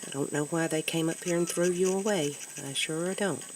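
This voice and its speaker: A woman talking baby talk to a kitten outdoors, cooing in a sing-song voice that jumps high, recorded on a handheld camera. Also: normal speed, slight background noise, rough recording. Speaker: pet owner talking to a kitten. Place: outdoors near woods.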